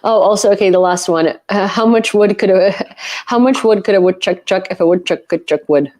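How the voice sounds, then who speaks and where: A woman's voice: mid-range voice, brisk, darkish tone. A woman from Ukraine, a native Ukrainian speaker, hosting a live stream from home in casual chat, teasing her guest and laughing often. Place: home, on a couch.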